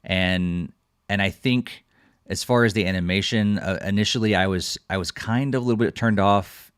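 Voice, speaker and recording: A man with a very low, deep voice co-hosts a casual podcast, rambling through his thoughts with many restarts and small chuckles. The sound is close and dry, with no room around it. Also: normal speed, smooth, no echo. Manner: rambling, restarts often, chuckles while talking. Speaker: podcast co-host.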